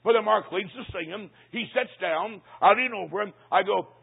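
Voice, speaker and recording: A man's voice: high voice, normal speed, gravelly, husky. A man preaching, telling a funny story with punchy comic timing and conspiratorial asides. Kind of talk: humorous sermon storytelling. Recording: tinny lo-fi line.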